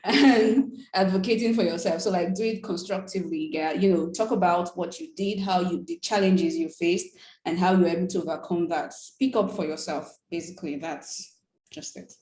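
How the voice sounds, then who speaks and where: Woman, low voice, roomy echo. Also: moderate pace, a little mellow. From Nigeria. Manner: conversational, frequent "like" and "yeah" fillers. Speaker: panel speaker. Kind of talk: casual panel talk.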